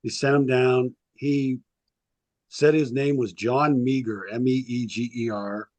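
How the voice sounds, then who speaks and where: Guest historian, male, casual storyteller, filler-heavy, acts out quotes; average pitch, dead-dry recording. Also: steady tone, unhurried, a little mellow, no echo. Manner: rambling anecdotes with frequent ums, acts out quotes. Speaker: sports historian and author, guest.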